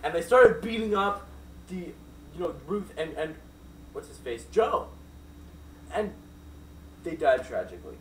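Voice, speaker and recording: A man's voice: a little high, big pitch swings, measured pace, pauses often, a little hiss or hum. A man telling a made-up, silly story off the cuff, rambling with many digressions and asides. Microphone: distant mic. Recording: roomy echo from far off, faint background.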